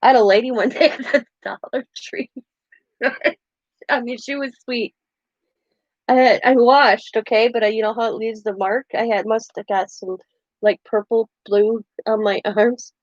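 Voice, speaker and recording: A woman's voice: a little high, steady tone, moderate pace, no room sound, dull audio. A woman hosting a casual craft livestream, rambling through stories and laughing often. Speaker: craft channel host.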